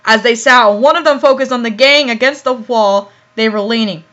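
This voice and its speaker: Woman reading fan fiction with commentary, giggly and stumbling, high, bright voice. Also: normal speed, highs cut off. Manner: giggly, laughs often, stumbles over words.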